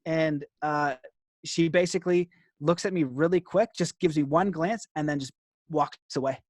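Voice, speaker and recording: A young man, a guest in an interview, recounts a story in an animated way, laughing often and using "like" a lot. His voice is fairly high for a man, and the sound is dry and close with no echo.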